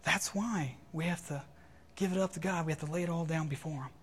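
Guy preaching in a church, high voice, lots of reverb, gets animated and acts out people freaking out. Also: a little fast, breathy edge. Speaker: pastor. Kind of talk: sermon.

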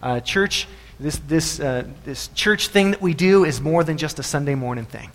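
Male pastor, bright and clear, casual sermon style in a reverberant sanctuary. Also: a little high, normal speed. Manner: conversational, with frequent fillers and restarts. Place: church sanctuary.

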